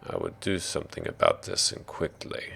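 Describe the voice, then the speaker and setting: Low quiet drow guy, creaky and clinical, aussie accent, man doing it. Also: big pitch swings, fairly quick, a little hiss or hum, heavily acted. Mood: grave. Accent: Australian. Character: calm clinical male drow.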